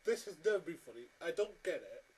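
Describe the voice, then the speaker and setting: A man's voice: fairly high pitch, sing-song, quick pace, darkish tone, breathy edge, rough recording. Exasperated man ranting. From Britain. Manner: blunt, exasperated, lots of restarts. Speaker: film reviewer. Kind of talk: casual ranting review.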